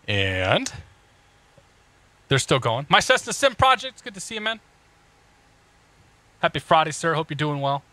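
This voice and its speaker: A man's voice: fairly high pitch, sing-song, measured pace, pauses often, sharp tone, no echo. A man casually talking through cockpit checklists on a live stream, joking and greeting chat viewers as he goes. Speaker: flight sim streamer.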